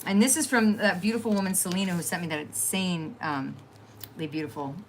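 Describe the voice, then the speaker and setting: Crafting host: middle-aged woman, low-ish voice, rambling chatty delivery to live viewers, faint hiss behind. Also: brisk. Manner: rambling and chatty, trailing off with fillers. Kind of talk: casual chat to live viewers.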